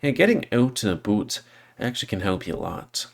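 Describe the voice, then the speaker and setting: A man's voice: lowish voice, brisk, creaky. A man casually commenting on a visual novel he plays and reads aloud. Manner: relaxed, chatty asides. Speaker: game streamer.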